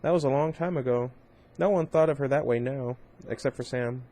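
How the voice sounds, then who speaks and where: A reader with a middle-pitched, dark-toned voice reads a novel aloud informally and somewhat roughly, moving fairly quickly. He occasionally trips over words, corrects himself, and slips in short asides.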